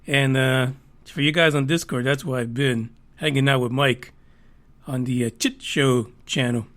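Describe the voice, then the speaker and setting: A podcast host, tipsy from drinking, chats casually on a live stream, rambling, swearing and joking around. His voice is medium-pitched, steady and fairly bright, at normal speed.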